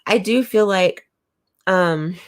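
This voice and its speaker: A woman's voice: medium pitch, slow, smooth. A woman reviewing manga in a casual chat to camera, talking enthusiastically with lots of fillers and restarts.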